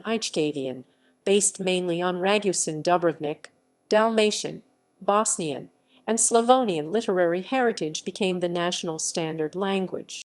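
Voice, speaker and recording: Woman reading an encyclopedia article. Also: on the low side. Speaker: article reader.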